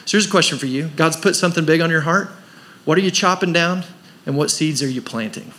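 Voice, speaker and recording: A man's voice: fairly high pitch, a little fast, a bit bright. A man preaching a sermon as pastor of a church, pressing his points with rhetorical questions and rising emphasis. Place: church service.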